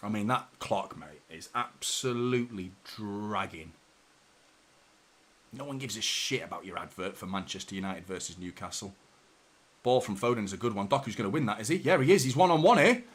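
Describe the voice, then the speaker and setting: A young man hosting a live football watchalong, swearing often and swinging between anxious muttering and shouted celebration. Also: lowish voice, expressive, a little fast, slightly rough. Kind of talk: live match reaction commentary.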